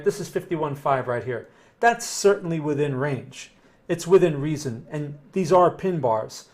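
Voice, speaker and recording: Male trading host with a fairly high voice, relaxed and conversational, thinking aloud as he works through charts. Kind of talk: casual live chart analysis answering viewer questions.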